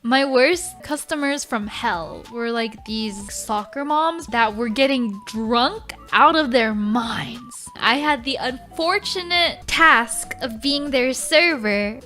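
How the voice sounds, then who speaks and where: A woman streamer casually telling stories in an animated way, saying "like" constantly. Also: high voice, takes it slowly, few pauses, faint music behind. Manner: animated, heavy use of 'like'. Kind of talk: casual storytelling.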